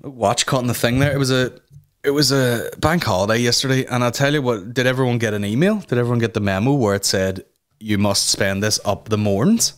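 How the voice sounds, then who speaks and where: A young man, hosting a comedy podcast as a sweary, rambling storyteller who jumps into high mock voices. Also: fast talker. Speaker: podcast host. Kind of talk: casual comedic monologue.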